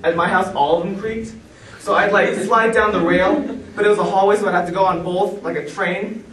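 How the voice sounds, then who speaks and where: A man telling stand-up stories on a comedy club stage, animated and acting out the people in them. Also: high voice, brisk, distant mic. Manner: animated, acts out quoted voices. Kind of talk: stand-up storytelling. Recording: roomy club sound from afar, noisy. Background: club audience laughter.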